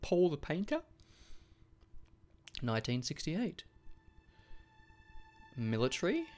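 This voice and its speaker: Young male let's-player, swears freely, self-mocking humor, lively voice, some music underneath. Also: on the high side, slow. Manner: profane, self-deprecating, jokey. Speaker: let's play gamer. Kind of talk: casual gaming commentary.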